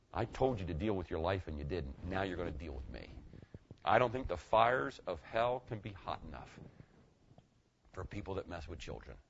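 A middle-aged man preaching a sermon as pastor, swinging between loud emphatic lines and hushed ones. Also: fairly low pitch, lo-fi sound. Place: church.

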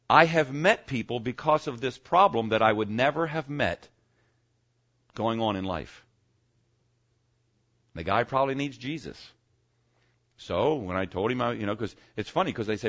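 Folksy pastor preaching, lively pitch. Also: male voice, lo-fi sound. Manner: folksy, conversational preaching with frequent "okay?" check-ins. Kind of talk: sermon.

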